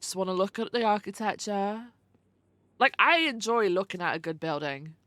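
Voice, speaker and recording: A woman's voice: mid-range voice, normal speed, a bit bright, no echo. A young adult woman streamer chatting casually with her viewers, greeting them by name and swearing freely. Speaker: livestreamer.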